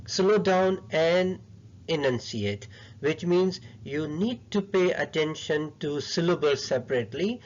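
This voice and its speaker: A man who is not a native English speaker teaching a pronunciation lesson, coaching patiently and repeating his points. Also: on the high side. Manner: patient, repetitive coaching, non-native phrasing. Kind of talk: instructional lesson. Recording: dull lo-fi sound.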